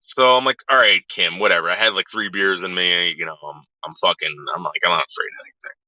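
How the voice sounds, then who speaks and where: A man's voice: low-pitched, fast talker, no room sound. Guy ranting thru a story, swears a lot, does everyone's voices, dull lo-fi recording. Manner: profane, animated, acts out quoted voices. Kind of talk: casual storytelling. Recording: dull lo-fi sound.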